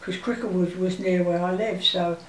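An elderly English woman recalling her childhood in an interview, speaking in a gentle, halting way with many pauses. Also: lowish voice, steady tone. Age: older. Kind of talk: reminiscing interview. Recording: roomy, distant mic with faint hiss.

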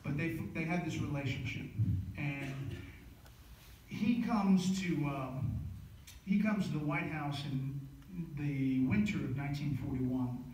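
A man, an author giving a book lecture, telling history as animated stories, recorded from a distance in an echoey hall. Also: a little high, takes it slowly. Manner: animated storytelling with frequent fillers and restarts. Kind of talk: storytelling lecture.

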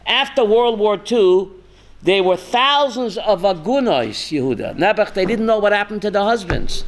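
A man, a rabbi, teaching a class with animated storytelling and calling on students by name. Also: sits high, moderate pace.

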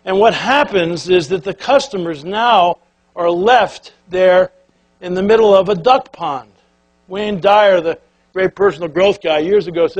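Older male speaker, high-pitched, folksy and lively, acts out the characters in his stories. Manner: animated, folksy, acts out quotes and quacking sounds. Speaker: keynote speaker. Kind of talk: storytelling speech to an audience.

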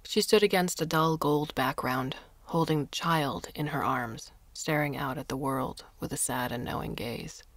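A woman narrating a short story in a measured storytelling manner into a close mic. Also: sits low, no room sound. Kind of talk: scripted narration.

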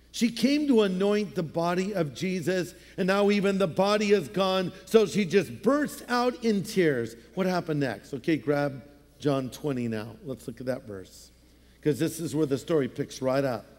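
High-voiced pastor preaching in a hall. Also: male voice, animated, unhurried, darkish tone. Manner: conversational storytelling with playful voices. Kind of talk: sermon.

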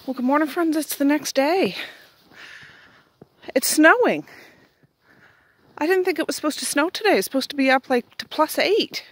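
A woman's voice: high voice, normal speed, pauses often, no room sound. A middle-aged woman with a Nova Scotian accent, chatting in a rambling, self-correcting way for her home vlog. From Nova Scotia, Canada. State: out of breath. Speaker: vlogger. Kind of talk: casual chat. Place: outdoors in snow at dawn.

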